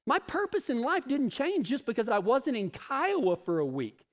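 A middle-aged man with a fairly high voice preaches a plainspoken, folksy sermon. He is emphatic and drives his points home by repeating them. His voice rings out with a long reverb tail. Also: huge pitch swings, moderate pace. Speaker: cowboy ministry leader.

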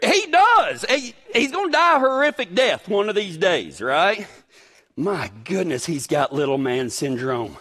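A man preaching a sermon, telling a folksy, joking story in an animated way before turning to his point. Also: sits high, moderate pace. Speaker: pastor.

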